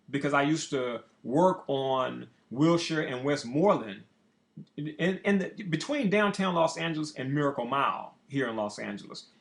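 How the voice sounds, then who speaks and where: A man who is a motivational speaker, telling a personal story in a casual, profane, animated way. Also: a little high. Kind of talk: storytelling monologue.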